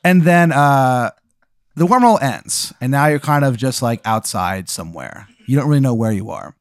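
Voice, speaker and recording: A man's voice: mid-range voice, animated, moderate pace, clean tone, no room sound. Rambling male storyteller running a game. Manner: rambling, lots of fillers. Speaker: game master. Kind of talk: improvised storytelling.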